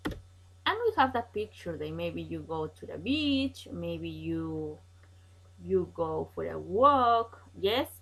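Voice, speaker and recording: A woman's voice: lowish voice, animated, slow, gravelly, a bit bright, low-quality recording. A woman teaching an English grammar lesson online, patient and repetitive, checking in with "okay?" often.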